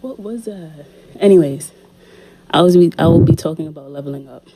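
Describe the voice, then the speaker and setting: A woman's voice: sits low, fairly quick, crowd noise. A woman hosting her podcast in a casual monologue, playful and repeating herself as she talks straight to her listeners, a little out of breath. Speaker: podcast host. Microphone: studio condenser mic.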